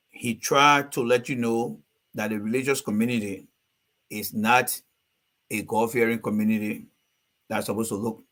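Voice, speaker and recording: A man's voice: mid-range voice, a bit bright. A male host with a mid-range voice breaks down a speech for his audience. He talks straight to his listeners in a plain, explanatory way. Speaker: host and political commentator. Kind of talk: commentary on a played speech.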